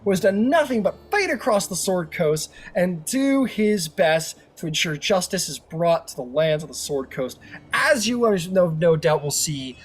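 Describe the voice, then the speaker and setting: A man's voice: sing-song, measured pace, breathy edge, heavily acted. A man playing a scheming, rule-bending male lawyer in a tabletop game, speaking in a theatrical courtroom style. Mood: grandiose. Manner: theatrical courtroom oratory, booming objections. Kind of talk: tabletop role-play.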